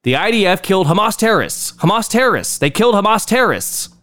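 A man's voice: sits high, big pitch swings, fast, a bit bright. Sarcastic male political commentary host. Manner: sarcastic, mocking repetition.

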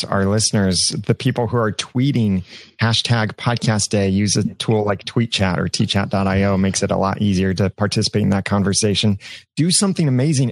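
A man's voice: fairly low pitch, dry recording. A man co-hosting a live podcast show, speaking in an upbeat, encouraging way. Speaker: co-host.

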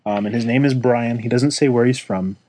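A man's voice: mid-range voice, a little fast, a little mellow, slight background noise, rough recording. A man co-hosting a casual podcast chat, easygoing and teasing, often restarting his sentences, on a close mic. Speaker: podcast co-host.

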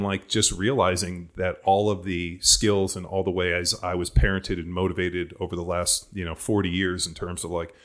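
A man's voice: deep voice, a bit bright. A man in his forties hosting a podcast, telling rambling stories in casual chat, full of "like" and casual swearing. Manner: rambling storyteller, heavy use of "like", swears casually. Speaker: podcast host.

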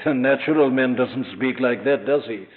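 A man's voice: mid-range voice, moderate pace, phone-quality sound. A man preaching a sermon, earnest and emphatic, speaking directly to the listener and climbing to impassioned peaks.

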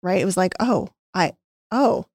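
A woman with a middle pitch and a gravelly fry tells a personal story on a podcast. She talks candidly and re-enacts past conversations, turning emotional at times. Her voice sits close and dry on the mic. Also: normal speed, a little mellow, no room sound. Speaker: podcast co-host, former nutrition practice owner.

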